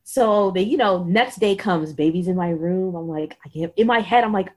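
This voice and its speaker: A woman's voice: lowish voice, moderate pace. A woman in her thirties telling a personal story as a podcast guest, acting out what others said and filling her speech with "like.". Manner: animated, acts out quotes, says "like" a lot. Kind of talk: casual storytelling.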